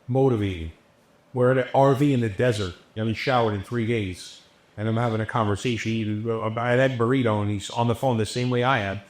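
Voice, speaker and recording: A man's voice: mid-range voice, fairly quick. A man who runs an entertainment business, telling stories as a podcast guest in a casual, profane way and acting out what people said. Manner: profane, animated, acts out quotes. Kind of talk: casual interview storytelling. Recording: roomy echo.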